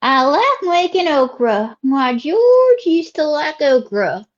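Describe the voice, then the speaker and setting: A chatty old Southern widow with a drawling, folksy manner delivers deadpan jokes in a high voice, as a woman puts her on. The audio is dull and lo-fi. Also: slow, full character voice. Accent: Southern US (put on).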